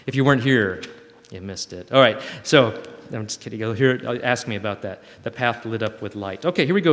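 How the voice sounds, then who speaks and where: Gentle man speaking in a reverberant hall. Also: mid-range voice, expressive, fairly quick. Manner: gentle, playful asides, reads letters aloud. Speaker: camp speaker. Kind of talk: reflective spiritual talk to a group. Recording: live talk in a reverberant hall.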